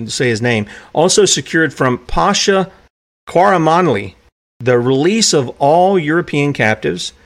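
A man hosting a solo commentary show, talking emphatically with restarts and asides, reading passages aloud from documents. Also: mid-range voice. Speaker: podcast host.

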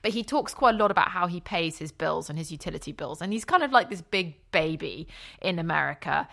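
A woman's voice: fairly low pitch, lively intonation, a little fast, creaky, sharp tone. A middle-aged woman co-hosting a podcast, talking earnestly in casual chat and trailing off into restarts. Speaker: podcast co-host.

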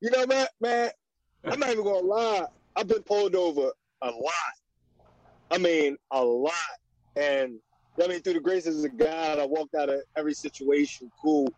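A middle-aged man, talking in a relaxed casual chat and repeating "you know what I mean". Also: on the high side, moderate pace. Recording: dry, dull lo-fi sound.

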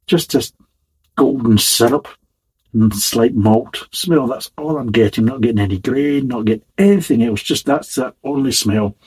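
A man's voice: mid-range voice, normal speed, a little mellow, breathy edge, low-quality recording. A man giving a casual, blunt and sweary spoken beer review with a wry, exasperated manner.

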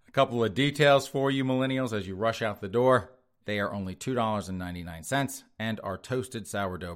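A man in a podcast rant, reading out headlines and tearing into them with sneering sarcasm. He chuckles at his own lines as he goes, and his voice sits on the low side. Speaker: podcast host. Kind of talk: sarcastic news commentary.

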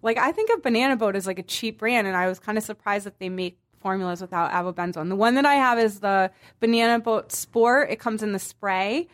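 A woman's voice: mid-range voice, fairly quick, few pauses. A woman from the Boston area hosting a podcast in casual chat, rambling with fillers and asides. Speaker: podcast host.

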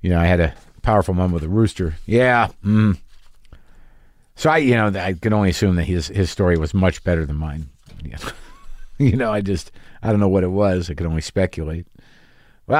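A middle-aged man, a podcast host and comedian, telling a stage story in a casual rambling monologue, stumbling over repeated words and jumping up in pitch when he acts out people from the crowd. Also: dry recording, clean studio sound. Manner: voice rises sharply when acting out audience members.

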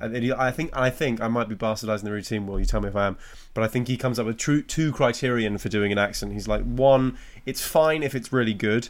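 A man's voice: on the low side, quick pace, hardly any pauses. An English man, a comedian, in casual chat, frank and opinionated, thinking aloud as he talks. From England.

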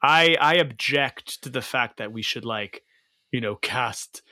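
A man hosting a casual movie podcast, talking in animated, rambling bursts full of restarts. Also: mid-range voice, measured pace, no echo, studio quality. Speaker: podcast host.

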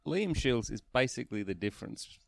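A man's voice: mid-range voice, very animated, a little fast, creaky, no echo. A man, co-hosting a casual football podcast, analytical and stat-driven with dry humour. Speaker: podcast co-host. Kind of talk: casual sports chat.

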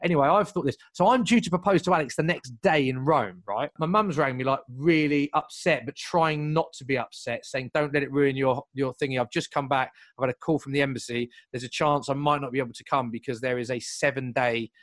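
A young man telling a long story in casual chat, lively and full of asides and restarts. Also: medium pitch, no room sound. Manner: animated, fast, piles up asides and restarts.

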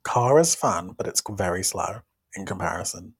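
A young man whose pitch swings widely as he talks, with a husky, breathy grain. He co-hosts a podcast in easy casual chat, teasing his partner and exclaiming often. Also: lively intonation, normal speed. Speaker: podcast co-host.

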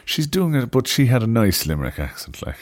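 A man's voice: mid-range voice, very animated, darkish tone. Emphatic sweary Cork Irish man. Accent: East Cork Irish. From Ireland. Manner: emphatic, heavy swearing, quick to agree. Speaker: podcast co-host. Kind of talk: casual chat.

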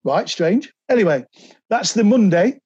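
A man, a podcast guest telling animated anecdotes and slipping into quoted voices. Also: sits high, unhurried, breathy edge, dry recording, muffled recording. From England. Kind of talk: anecdotal interview storytelling.

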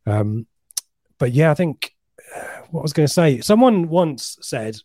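A man's voice: on the high side, sing-song, measured pace, dark tone, no echo, studio quality. A man co-hosting a live podcast, chatting casually and reading out listener messages. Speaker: podcast co-host.

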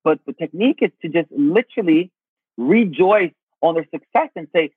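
A man giving casual spiritual advice in an expressive way, swearing freely and calling people honey. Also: fairly high pitch, quick pace, husky, no echo. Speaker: spiritual teacher guest. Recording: tinny phone-like line, dry.

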